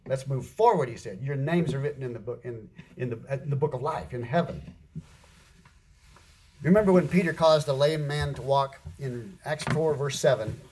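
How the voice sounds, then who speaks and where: A man preaching a sermon, reading scripture aloud and explaining it earnestly, with slow emphasis on the quoted verses. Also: medium pitch, a little mellow, a little hiss or hum.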